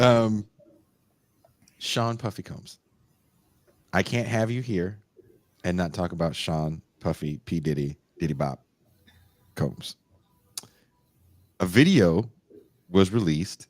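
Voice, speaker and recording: Podcast host, male, low and slow, laid-back, dry close sound. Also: a little mellow, dry recording. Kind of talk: casual podcast chat.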